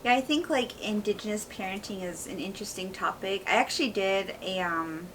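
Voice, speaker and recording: A woman's voice: mid-range voice, a little fast, fairly bright tone, recorded from a distance, a little hiss or hum, rough recording. A woman co-hosting a podcast, speaking candidly and firmly in casual conversation, with frequent fillers. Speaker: podcast co-host.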